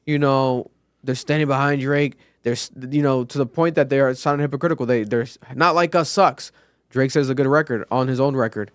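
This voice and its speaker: Man, podcast co-host, casual commentary, animated, smooth tone, mid pitch. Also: quick pace, no echo, studio quality. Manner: animated, talks through points out loud.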